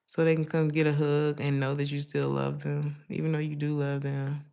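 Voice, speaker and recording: Low gravelly-voiced woman reading tarot. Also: level tone, normal speed, warm tone. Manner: chatty, laughs often, slangy asides. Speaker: tarot reader. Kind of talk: casual tarot reading to viewers.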